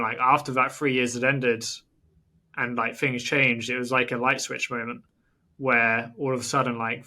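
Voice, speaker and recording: Bright-voiced male podcast host. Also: medium pitch. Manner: reflective, with many "like" and "you know" fillers. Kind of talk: casual conversation.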